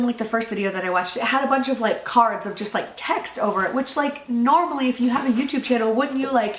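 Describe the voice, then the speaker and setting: A woman's voice: fairly high pitch, reverberant. A young woman from North Carolina giving a chatty, incredulous commentary for her vlog, using "like" a lot. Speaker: YouTuber.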